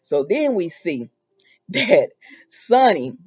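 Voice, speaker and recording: Give me a chatty woman recapping a soap, mellow and a bit muffled. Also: on the low side, extremely slow, breathy edge. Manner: animated storytelling, sassy asides to characters. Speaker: soap opera recap vlogger. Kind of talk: casual recap with quoted dialogue.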